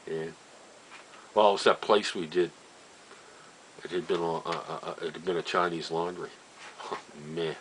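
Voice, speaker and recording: Older guy from nova scotia spinning old work stories, keeps chuckling, bright clear voice. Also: low-pitched, steady tone, moderate pace, pauses often, slight background noise, rough recording. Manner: laughs often, chuckling asides, trails off and repeats phrases. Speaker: storyteller. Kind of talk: casual personal storytelling.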